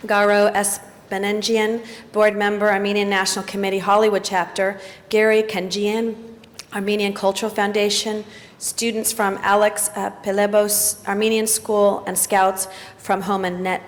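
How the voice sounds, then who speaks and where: A woman on a city council briskly reading out a list of names in a large council chamber. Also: mid-range voice, level tone. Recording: long reverb in a council chamber with a faint crowd.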